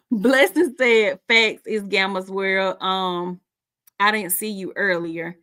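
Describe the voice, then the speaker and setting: A woman's voice: mid-range voice, slow pace, a bit bright, no echo, studio quality. A middle-aged woman hosting a casual live stream, reading out viewer comments in a chatty, informal way and laughing often.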